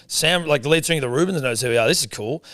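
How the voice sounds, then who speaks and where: A man's voice: a little high, very fast, a bit bright, no echo. An Australian man hosting a casual interview, talking in a loose, sweary, chatty way. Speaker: host.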